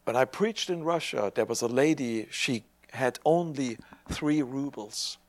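An older man preaches a sermon built around a personal story, his medium-pitched voice moving a little slowly with no echo. He speaks conversationally, restarts hesitantly, and acts out the dialogue he recounts.

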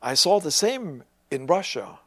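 A man's voice: fairly high pitch, unhurried, husky, no echo. Older male preacher telling a story. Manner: conversational, with hesitant restarts and animated retold dialogue. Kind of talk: storytelling sermon testimony.

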